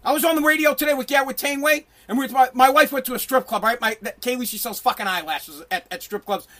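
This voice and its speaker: Brash middle-aged male ranter with a strikingly high voice, profane and emphatic, prone to shouting. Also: fast talker. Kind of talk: ranting monologue.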